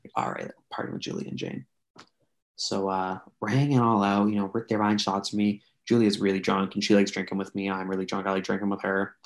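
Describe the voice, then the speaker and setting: A young man from Canada spins a long, chatty bar story for his podcast co-hosts. His voice sits fairly low and has a gravelly rasp. He keeps circling back with fillers as he talks. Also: level tone, brisk. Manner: rambling, filler-heavy, chatty. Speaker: podcast co-host. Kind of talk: casual storytelling among friends.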